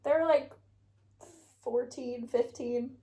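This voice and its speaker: A woman's voice: a little high, fairly even intonation, takes it slowly, mellow, reverberant. Chatty young British woman. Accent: British English. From England. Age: young adult. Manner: chatty storytelling, laughs often. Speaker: podcast host. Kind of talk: casual chat.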